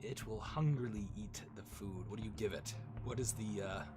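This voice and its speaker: A man running a tabletop game as dungeon master, narrating haltingly with many fillers. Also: on the low side, background noise. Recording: music playing behind.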